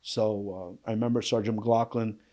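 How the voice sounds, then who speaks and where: A man giving an emotional personal account as a panel guest, halting and subdued, with restarts and trailing pauses. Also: fairly low pitch, fairly even intonation, dark tone. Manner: subdued, intense storytelling. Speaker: panel guest recounting survival.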